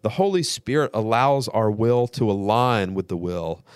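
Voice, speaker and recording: Low-voiced man teaching theology. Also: lively intonation, darkish tone, clean tone, no echo, clean studio sound. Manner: earnest, measured explaining with repetition. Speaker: guest radio host and seminary teacher.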